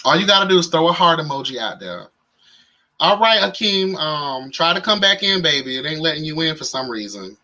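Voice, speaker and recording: A man's voice: on the high side, very animated, a little fast, pushed and bright. A man hosting a casual livestream and chatting with viewers in a sassy, playful way. He sounds tired. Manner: sassy and playful, calls viewers "child" and "honey". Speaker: livestream host.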